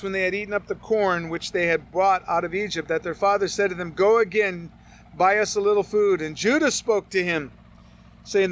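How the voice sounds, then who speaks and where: A man with a high, light voice teaches through a scripture passage. He reads the old verses steadily, then drops into casual, plainspoken asides to his listeners. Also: a bit bright. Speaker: preacher. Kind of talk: Bible study sermon.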